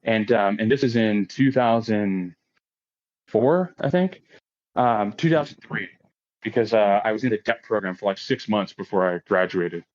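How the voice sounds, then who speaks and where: A man's voice: on the low side, animated, moderate pace, darkish tone. Profane storytelling man, lo-fi podcast sound. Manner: profane, laughs often, acts out quotes in raised voice. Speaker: podcast guest. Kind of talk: casual storytelling. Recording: dull lo-fi podcast audio.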